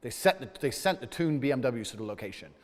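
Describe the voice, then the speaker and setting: A man's voice: mid-range voice, sing-song, fast talker, big-room sound. A man telling a heated anecdote in an indignant, profane, ranting way. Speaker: storyteller.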